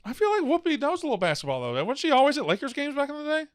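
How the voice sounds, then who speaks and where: A man co-hosting a casual movie review chat, blunt and animated, quick to argue a point. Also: very high voice, no room sound, clean studio sound. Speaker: podcast co-host.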